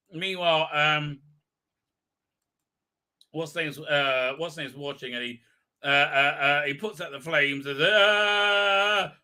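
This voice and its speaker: A man hosting a livestream, his voice fairly high and very bright. He rambles in exasperated, crude fan commentary, full of "uh"s. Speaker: livestream host.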